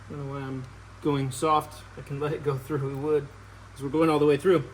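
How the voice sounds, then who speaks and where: A man's voice: a little high, little pitch movement, fairly quick, slight background noise, low-quality recording. A man vlogging casually, talking through each step while he works on a vehicle. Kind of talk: casual how-to narration.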